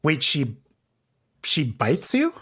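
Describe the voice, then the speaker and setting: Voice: medium pitch, huge pitch swings, takes it slowly, a bit bright, slightly rough. An interviewer who asks curious, probing follow-up questions.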